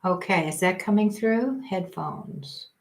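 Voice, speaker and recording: A woman's voice: lowish voice, takes it slowly. An older woman astrologer chatting casually on a livestream, thinking aloud and joking about her trouble with the technology.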